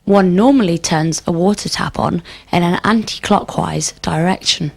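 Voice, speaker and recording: A woman's voice: on the low side, normal speed, vocal fry. A woman answering in a scripted language drill, repeating each question as a careful full sentence. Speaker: student in drill.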